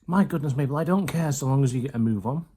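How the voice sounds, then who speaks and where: A man's voice: medium pitch, fast talker, mellow, breathy edge, lightly acted. A man voicing a bossy, impatient farmer's wife in a storybook reading, with a commanding manner.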